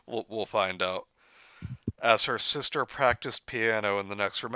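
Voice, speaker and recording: A man's voice: on the low side, a little slow, pushed and bright, clean tone, no room sound, muffled recording. A man co-hosting a podcast, reading a horror story aloud with sarcastic asides. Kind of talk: casual read-along with jokes.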